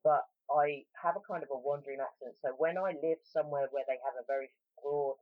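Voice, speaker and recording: A low-voiced woman with a South London accent talks in a loose, chatty way, often restarting her sentences and calling people mate. Her voice comes through a dry, tinny line like a phone call. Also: a little fast, no room sound. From South London, England. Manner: chatty, self-interrupting, says mate a lot. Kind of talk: casual podcast chat.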